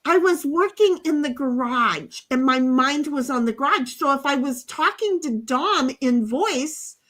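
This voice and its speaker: A woman hosting a casual livestream, rambling through stories and reading out viewers' chat comments with lots of laughter. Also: high-pitched. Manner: rambling, animated, quick to laugh. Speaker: livestream host. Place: home, speaking over a headset.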